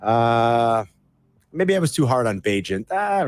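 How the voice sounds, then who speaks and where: A man's voice: mid-range voice, sing-song, slow. A man co-hosting a sports radio show, bantering playfully and trailing off into mumbles.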